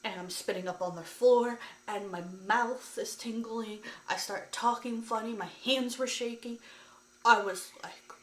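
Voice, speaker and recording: A woman's voice: fairly high pitch, measured pace. A woman vlogger telling a story to camera in a ranting, exasperated way, with lots of "like" fillers. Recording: echoey room.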